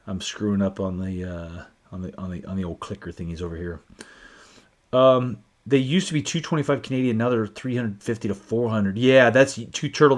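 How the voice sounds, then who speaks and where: Casual man hosting a whiskey live stream. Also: fairly low pitch. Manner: chatty, reads viewer comments aloud, stumbles and restarts. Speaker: whiskey channel host.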